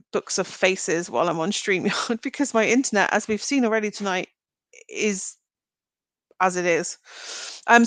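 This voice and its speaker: A woman's voice: mid-range voice, fairly bright tone, no room sound. A woman giving live-streamed tarot card readings, talking straight to viewers in a chatty, meandering, reassuring way as she thinks aloud. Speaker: tarot reader.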